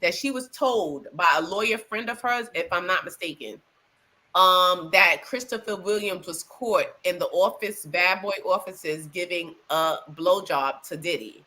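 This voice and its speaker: Bright-voiced woman gossiping. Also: fairly low pitch, unhurried. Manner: animated, profane storytelling with many fillers. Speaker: podcast co-host. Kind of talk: casual gossip chat.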